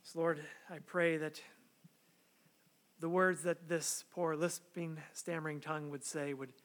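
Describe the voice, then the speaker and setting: A man preaching a sermon, reading scripture aloud, praying, then speaking in an earnest, conversational way with rhetorical questions. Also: on the high side. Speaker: pastor.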